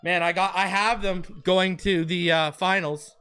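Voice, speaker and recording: Excited high-voiced man hyping draft picks. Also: unhurried, clean tone. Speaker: host of a sports fan channel. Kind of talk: live draft reaction stream.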